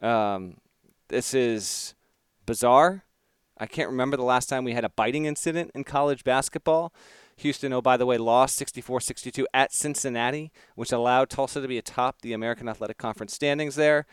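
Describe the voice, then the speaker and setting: A man's voice: medium pitch, a little fast, clear, resonant tone, no echo, clean studio sound. A man co-hosting a casual sports podcast, trading wry jokes with his partner. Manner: wry, joking banter. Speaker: podcast co-host.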